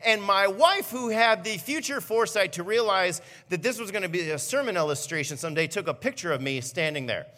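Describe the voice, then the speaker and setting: A man, a student pastor, giving a sermon with animated, self-mocking personal stories. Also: sits high, fairly quick, hardly any pauses, long reverb tail. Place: church auditorium.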